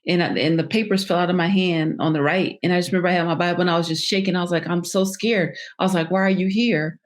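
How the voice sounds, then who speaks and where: A woman speaks as a podcast guest with a slightly low voice. Her story comes out haltingly, with many fillers, pauses and restarts. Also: fairly even intonation. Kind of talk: personal storytelling in an interview.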